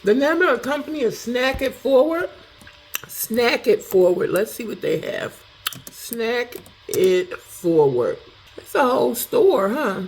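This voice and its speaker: Lively-voiced woman reviewing a snack. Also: a little high, slow, a little hiss or hum. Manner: talks to herself while tasting, animated, chatty. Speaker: food review vlogger. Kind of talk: casual taste-test chat.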